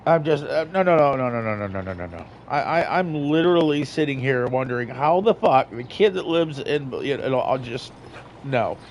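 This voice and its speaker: A man's voice: mid-range voice, animated, moderate pace, a little hiss or hum. A man casually commenting over a video game, ranting in an incredulous, profane way. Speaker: gamer streamer.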